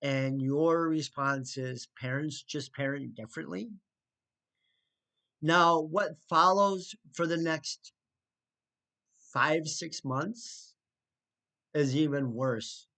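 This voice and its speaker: A man telling a personal story in a casual, indignant way, with sarcastic asides and halting restarts. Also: fairly high pitch, sharp tone. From United States. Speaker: storyteller recounting trouble with neighbors. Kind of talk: casual spoken storytelling to camera.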